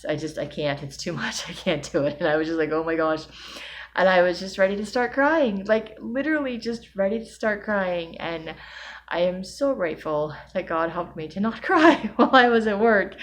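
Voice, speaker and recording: Emotionally overwhelmed woman rambling, low voice. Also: a little hiss or hum. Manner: emotional, rambling, self-deprecating with nervous laughs. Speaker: vlogger. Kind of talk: personal video diary.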